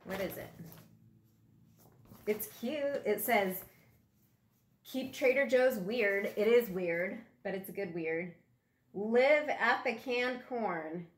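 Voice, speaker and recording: A woman's voice: mid-range voice, animated, slow pace, long pauses. A middle-aged woman chatting casually as she opens a pack, rambling and easily amused. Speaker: vlogger. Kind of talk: casual chat while unboxing. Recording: roomy echo, faint music behind.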